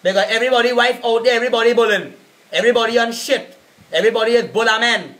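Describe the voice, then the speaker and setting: High-pitched Trinidadian man ranting. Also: steady tone, fast, a bit bright. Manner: cussing, repetitive, confrontational. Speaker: live-stream vlogger. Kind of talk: angry live-stream rant.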